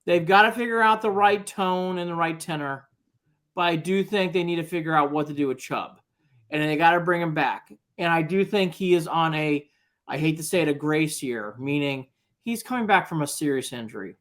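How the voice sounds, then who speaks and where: A man's voice: a little high, normal speed, a bit bright. A man co-hosting a sports talk show, laying out his points with emphasis. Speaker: co-host.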